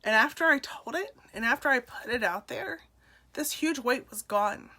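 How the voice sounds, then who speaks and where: A middle-aged woman, a mother, telling her personal story in an emotional, halting way with soft laughs between lines. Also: on the high side, lively intonation. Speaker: speaker sharing her story. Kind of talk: personal testimonial talk.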